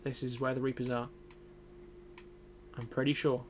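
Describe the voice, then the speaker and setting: A man's voice: mid-range voice, little pitch movement, moderate pace. Young man, gameplay commentary, thinking aloud, faint background hum. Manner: thinks aloud, muttering to himself. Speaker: gaming streamer.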